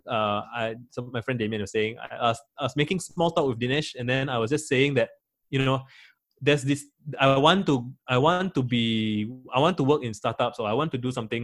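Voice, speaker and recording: A man's voice: medium pitch, fairly bright tone. A young man speaks as an interview guest in easy, conversational talk. He rambles, often circling back with fillers and restarting his sentences.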